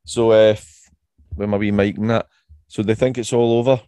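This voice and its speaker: A man's voice: on the low side, little pitch movement, moderate pace, mellow, clean tone, no room sound. A man with a West of Scotland accent co-hosting a podcast, chatting in a laid-back way with frequent ums. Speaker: podcast co-host. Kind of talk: casual chat.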